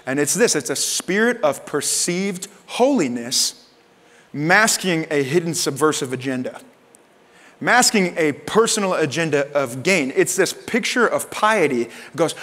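A man preaching a sermon as pastor, in an animated, conversational way with casual slang. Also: on the high side, moderate pace, long reverb tail.

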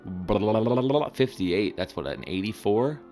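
A man giving excitable, joking live commentary over gameplay, with sudden high-pitched exclamations. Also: moderate pace, soft background music. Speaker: gaming channel host.

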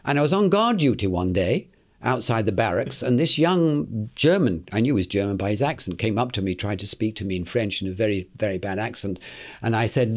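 A man's voice: lowish voice, a little fast. Elderly British man telling anecdotes. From Britain. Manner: lively raconteur, acts out the voices in his anecdotes, chuckling, repeats words. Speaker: actor, interview guest. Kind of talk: anecdotal interview storytelling.

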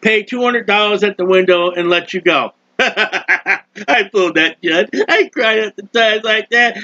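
A man's voice: high-pitched, measured pace, sharp tone, no room sound. A male preacher giving an impassioned sermon and acting out prayers, in a dull lo-fi recording. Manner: impassioned, acts out prayers and quotes.

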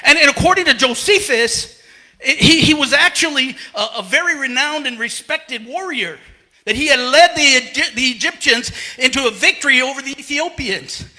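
A man's voice: very high voice, expressive, normal speed, sharp tone. A male pastor preaching a sermon, out of breath, often stumbling and repeating words as he retells a story. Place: church.

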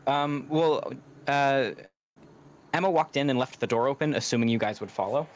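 A man's voice: mid-range voice, normal speed, a little hiss or hum. A man, a tabletop player, casually narrating what happens in a wandering way.

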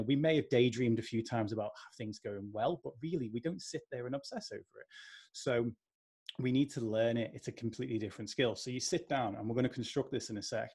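A man's voice: mid-range voice, mellow, husky. A man with a northern English accent giving a conversational talk over a video call, acting out inner voices as he goes. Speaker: speaker. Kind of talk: talk to an online audience.

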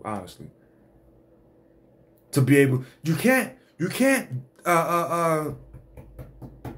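Male host, ranting commentary, somewhat high pitch, exasperated and foul-mouthed. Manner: blunt, profane, exasperated.

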